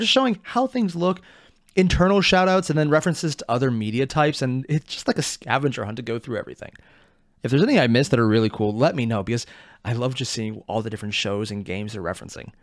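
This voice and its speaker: A man's voice: mid-range voice, lively intonation, quick pace, no echo, clean studio sound. A young man hosting a casual reaction video, talking in a playful, jokey way with lots of asides. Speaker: anime reaction channel host.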